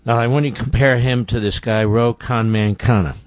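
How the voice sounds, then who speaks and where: A man's voice: medium pitch, steady tone, moderate pace, no echo. A man hosting a talk show, giving blunt, opinionated commentary and repeating words for stress.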